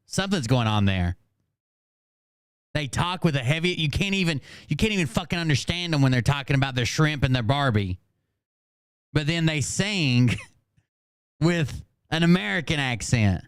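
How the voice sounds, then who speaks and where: A man's voice: a little high, lively intonation, normal speed, long pauses, clean tone, dry recording, clean studio sound. A Southern American man hosting a casual commentary, sarcastic and profane as he mocks the clips he plays. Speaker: host.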